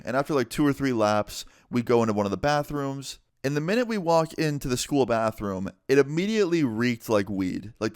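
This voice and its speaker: A man's voice: medium pitch, smooth, dry recording, studio quality. A young man casually telling a story, swearing freely and filling with "like". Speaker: storyteller vlogger.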